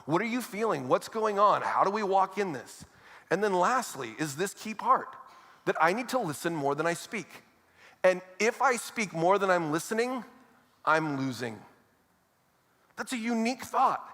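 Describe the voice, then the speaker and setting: Conversational preacher with a high voice in a reverberant hall. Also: male voice, expressive, moderate pace, a bit bright. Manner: conversational preaching with casual asides. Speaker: pastor. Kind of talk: sermon. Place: church auditorium.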